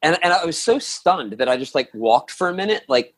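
A man who lives in New York tells a long, rambling story as a podcast guest, restarting often and acting out the quotes in casual storytelling. His voice is a little high and sing-song, and he speaks fairly quickly.

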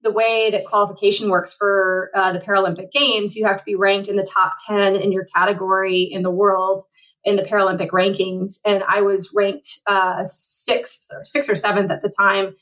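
A woman's voice: mid-range voice, little pitch movement, normal speed, a bit bright, low-quality recording. Chatty woman in her forties. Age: 40s. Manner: rambling, frequent fillers and restarts. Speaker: Paralympic triathlete guest. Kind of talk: conversational interview storytelling.

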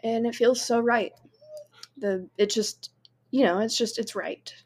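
A woman's voice: fairly high pitch, fairly even intonation, darkish tone. A woman who teaches art, talking earnestly and with enthusiasm as a guest on a podcast conversation. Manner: earnest, enthusiastic, talks fast in bursts.

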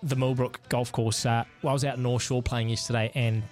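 A man's voice: mid-range voice, flat delivery, brisk, darkish tone, faint music behind. A man co-hosting a sports radio show, telling rambling stories in casual banter. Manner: chatty, rambling storyteller. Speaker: radio co-host.

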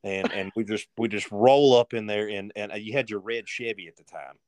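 A man's voice: on the low side, moderate pace, a little mellow, no room sound. A man telling a rambling story as a guest on a casual podcast.

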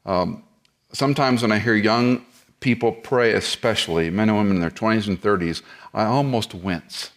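A man's voice: on the low side, moderate pace. Middle-aged man preaching verse by verse. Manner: teacherly, explains text verse by verse with rhetorical questions. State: lives with chronic back pain. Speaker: pastor. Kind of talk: expository sermon.

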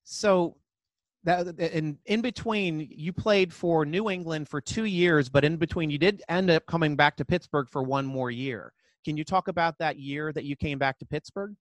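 A man's voice: on the high side, moderate pace, no echo. A man hosting an interview, asking questions and giving short encouraging replies. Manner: encouraging, frequent short backchannels. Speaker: podcast host.

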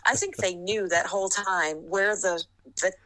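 A middle-aged woman, a basketball referee, telling animated stories in an interview and laughing often. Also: mid-range voice, moderate pace, low-quality recording. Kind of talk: storytelling interview.

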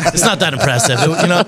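A man's voice: on the high side, a bit bright, husky. A man in his thirties on a podcast, telling stories casually, laughing often and acting out the voices of people he quotes. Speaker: guest. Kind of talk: casual storytelling.

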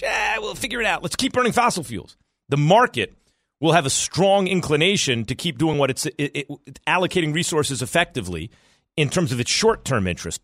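A man from New York hosting a sports talk radio show, rambling in an animated way with quick asides. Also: fairly high pitch, no echo, clean studio sound.

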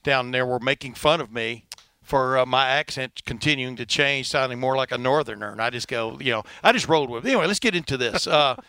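Brief: male sports podcast host with a Texan twang, quick and jokey, bright voice, dry close mic. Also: mid-range voice, smooth, no echo. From Texas. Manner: fast talker, joking, uses fillers. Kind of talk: casual sports podcast chat.

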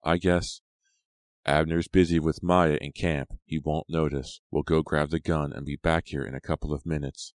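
A man reading an audiobook, voicing a glum teenage boy who mutters and urges in a low voice. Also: level tone, normal speed, dry recording, studio quality. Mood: urgent. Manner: muttering, urgent.

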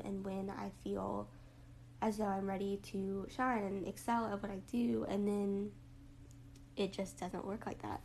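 A young woman hosting a casual reflective monologue, rambling with lots of fillers and a rough morning voice. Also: mid-range voice, level tone, moderate pace, darkish tone, a little hiss or hum, low-quality recording. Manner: rambling, lots of likes and ums. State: morning voice, throat a bit rough.

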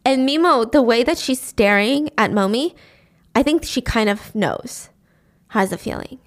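A woman's voice: on the high side, lively intonation, a little slow. A woman casually recapping a drama's plot, telling it with animation and briefly voicing its characters.

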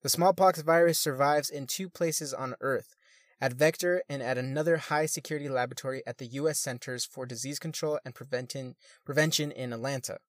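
A man's voice: medium pitch, fairly even intonation, fairly quick, no echo. A man reading news articles aloud and adding crude, swearing comments between them, sometimes stumbling over words.

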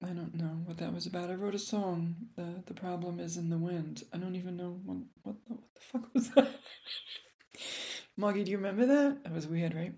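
A woman's voice: fairly low pitch, moderate pace, dark tone. A middle-aged woman with a slightly nasal voice, hosting a podcast in a rambling, self-deprecating chat. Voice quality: a little nasal. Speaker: podcast host. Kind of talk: casual chat.

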